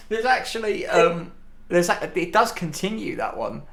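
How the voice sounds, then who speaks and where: An enthusiastic podcast host who laughs easily, with a gravelly, creaky edge at a medium pitch. The voice sounds echoey, as if in a bare room. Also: sing-song, a little slow, fairly bright tone. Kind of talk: casual podcast chat.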